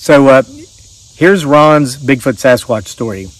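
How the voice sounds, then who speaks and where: A man's voice: medium pitch, slow, dry recording. A middle-aged man hosting his channel, chatting casually in a rambling, folksy way and reading out viewer stories. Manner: rambling, folksy, restarts often. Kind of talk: casual chat and reading aloud.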